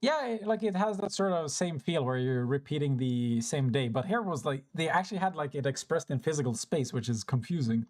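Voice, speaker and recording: Over live gameplay, a young-adult streamer keeps up a teasing, chatty back-and-forth with viewers, reacting quickly, laughing a lot and cursing casually. The voice is medium in pitch, expressive and somewhat dark in tone.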